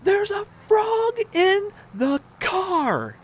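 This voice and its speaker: A man putting on a shrill, panicked wife's voice while retelling a story. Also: wildly swooping pitch, quick pace, fairly bright tone, full character voice. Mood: frantic. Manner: shrill, high and insistent. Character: frantic panicked young wife, easily spooked.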